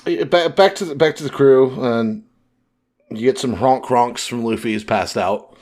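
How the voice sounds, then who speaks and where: A man co-hosting a casual podcast, retelling story scenes and quickly paraphrasing the characters' lines. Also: medium pitch, a little mellow. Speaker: podcast co-host.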